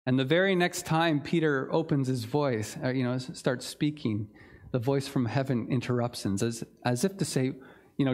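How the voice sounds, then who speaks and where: A man's voice: medium pitch, moderate pace, a little mellow. A man preaching a sermon in an earnest, reflective way, with some fillers and restarts. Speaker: pastor.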